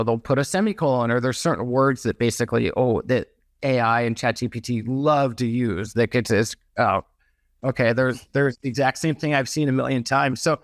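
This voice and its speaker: Recorded at studio quality with no room sound, a man in a mid-range voice chats as a guest on a podcast. The merch business owner keeps it casual, often restarting his sentences and hedging.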